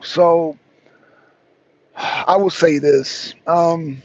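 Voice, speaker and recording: High, husky man ranting on stream. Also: unhurried, highs cut off. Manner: emphatic, repeats himself, argues back. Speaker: host. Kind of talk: livestream commentary answering chat.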